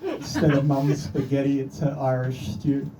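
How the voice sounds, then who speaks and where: A man's voice: mid-range voice, normal speed. An Australian man with an Australian accent performing a stand-up comedy set in a dry, self-deprecating way. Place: comedy club stage. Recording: distant club recording with room noise.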